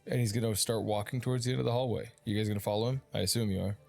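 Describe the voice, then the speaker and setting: A man's voice: fairly low pitch, steady tone, rapid-fire, vocal fry, a little mellow, soft background music. A man narrating a tabletop game as dungeon master, in a loose, profane, rambling way.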